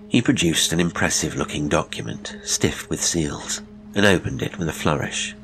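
A man narrating a classic horror story in a measured, dramatic way. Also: rumbling low, fairly bright tone, slight background noise. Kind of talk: scripted audiobook narration.

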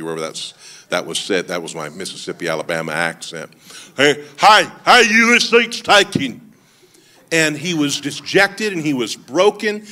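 A man's voice: a little high, pushed and bright. A man preaching a sermon as lead pastor, telling stories with humorous asides and calling out to the congregation for responses. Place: church service.

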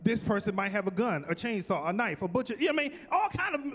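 A man performing a stand-up comedy set on a theater stage, with an animated, punchy delivery that keeps building into exclamations. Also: high-pitched, fast talker, slightly rough. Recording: live hall with long reverb.

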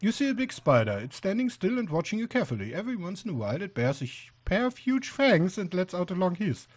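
Man, casual game commentary, high voice that moves a lot. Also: sing-song. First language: German. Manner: amused, halting, many fillers. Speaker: let's player.

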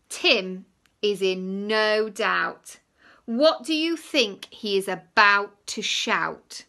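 A woman teacher reading a picture book aloud to young children, lively, with hushed whispered asides. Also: medium pitch, extremely slow, creaky.

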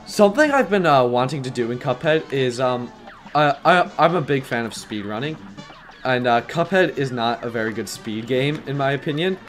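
A man giving rambling live gameplay commentary, excitable and prone to yelling when things get stressful. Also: mid-range voice, moderate pace, faint music behind. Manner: rambling, filler-heavy. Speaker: gaming YouTuber.

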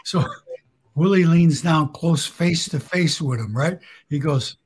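A man, a guest telling profane, animated anecdotes and acting out the people in them. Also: a little high, measured pace, slightly rough, low-quality recording. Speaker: guest storyteller. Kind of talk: casual storytelling.

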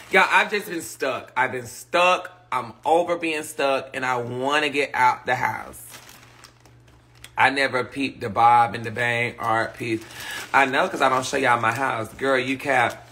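A brash man with a drawl holds court on his live stream, his voice cutting and sharp with a gravelly rasp at the bottom. He rants and gossips at viewers in a loose, profane, fed-up stream of talk. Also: medium pitch, unhurried, slight background noise. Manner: frustrated, ranting. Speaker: livestream host. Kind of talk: casual livestream chat. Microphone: phone or webcam on a live stream.

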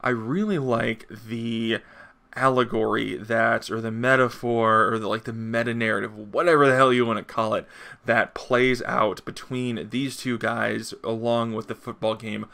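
A man's voice: mid-range voice, steady tone, unhurried, creaky, bright, forceful tone. A man hosting a casual comic book review, rambling enthusiastically with lots of fillers.

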